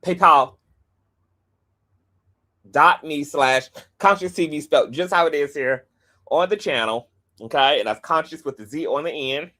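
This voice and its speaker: A man hosting a livestream in a chatty, animated way, with playful asides and quick rundowns of channel plugs. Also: on the high side. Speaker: host. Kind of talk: casual livestream commentary.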